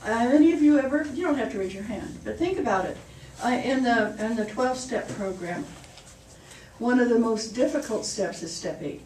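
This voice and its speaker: In an echoey church hall with a distant mic and a bit of hiss or hum, a woman minister delivers a chatty, story-driven sermon and laughs at her own jokes. Her fairly high voice is animated, brisk and a little mellow.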